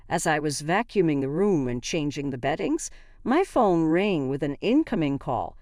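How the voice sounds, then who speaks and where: A woman narrating a first-person story in a steady, even reading voice. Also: deep voice, dry recording, studio quality.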